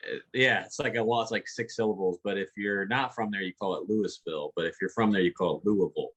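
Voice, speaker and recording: A man's voice: lowish voice, fast talker, fairly bright tone. A man in his forties, a sales executive guest on a webinar, explaining things casually and patiently with frequent restarts.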